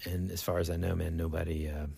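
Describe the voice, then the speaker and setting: Gravelly-voiced man hosting a podcast. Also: sits low, fast. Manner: lively storyteller, loose and conversational. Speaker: podcast host. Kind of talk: casual chat.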